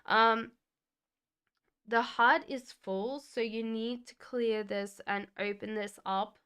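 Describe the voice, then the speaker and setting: A woman's voice: a little high, fairly even intonation, slow, a bit bright, smooth. A woman hosting a live-stream tarot reading, chatting casually and reassuring viewers by name as she answers their questions. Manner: hums while shuffling cards.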